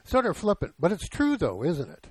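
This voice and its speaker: A man's voice: high-pitched, huge pitch swings, normal speed, darkish tone, husky, dry recording, rough recording. A man in his seventies preaching a sermon in a conversational way, often putting questions to the congregation. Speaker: pastor.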